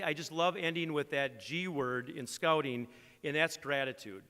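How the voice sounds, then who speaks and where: A man's voice: fairly high pitch, pushed and bright. A middle-aged man giving an earnest, folksy motivational speech at an award event. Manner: earnest, folksy, uses an acronym and jokes. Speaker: credit union executive giving an award speech. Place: large event hall. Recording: reverberant banquet hall.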